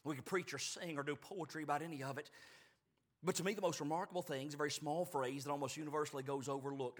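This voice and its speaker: A man preaching a sermon, swinging from loud, emphatic peaks down to hushed, slow lines, with repeated rhetorical phrases. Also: on the high side. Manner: repetitive, rhetorical phrasing with "I mean".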